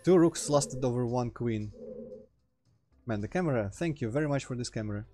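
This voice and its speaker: A man with a Russian accent chats loosely while he plays, his voice sitting at an ordinary middle pitch. He trails off mid-sentence and breaks into sudden exclamations at the game, over a faint bed of music. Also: expressive, moderate pace. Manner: rambling, self-interrupting, reacts loudly to the game. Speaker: let's play host. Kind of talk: casual gameplay commentary.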